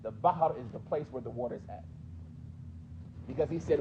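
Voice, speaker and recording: A man's voice: medium pitch, normal speed, pauses often, narrow, tinny audio, a little hiss or hum. A man with a New York accent teaching a mosque class, questioning his students in a conversational way. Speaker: teacher explaining hadith.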